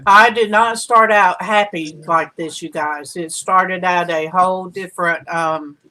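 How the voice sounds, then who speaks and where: A woman's voice: lowish voice, unhurried, pushed and bright, low-quality recording. A woman hosting a casual livestream, chatting and greeting viewers by name, laughing easily. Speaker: livestream host.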